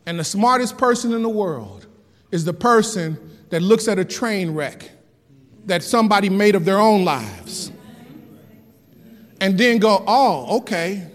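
A male pastor preaching a lively sermon, repeating lines for emphasis and laughing often. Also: high voice, measured pace, pauses often. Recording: long hall reverb.

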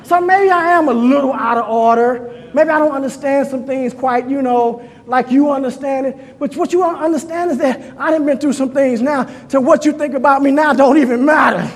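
A man preaching a fervent sermon to his congregation, calling out to them and often shouting. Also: very high voice, brisk, hardly any pauses, big-room sound. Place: church hall.

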